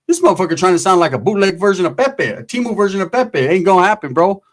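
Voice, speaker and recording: Male comic storyteller, profane, rambling, slangy, slightly high voice. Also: sing-song, fast, hardly any pauses. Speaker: comedic storyteller. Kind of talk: casual comedic storytelling.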